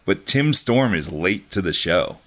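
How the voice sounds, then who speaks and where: A man's voice: sits low, animated, measured pace, a bit bright. A man recapping events in loose casual chat, with many fillers and laughs.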